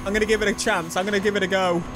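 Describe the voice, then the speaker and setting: A young man giving excitable let's-play commentary on a racing game, shouting at rivals as he drives. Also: high-pitched, racing. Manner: excitable, yelling at rivals mid-race. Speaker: gaming YouTuber. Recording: game music and engine noise behind.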